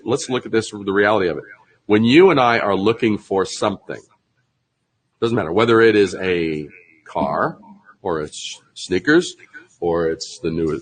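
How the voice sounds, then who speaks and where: Man, lowish voice, animated, acts out pitches, conversational guest. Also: rough recording. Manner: lively, acts out mock sales pitches, laughs often. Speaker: branding expert guest.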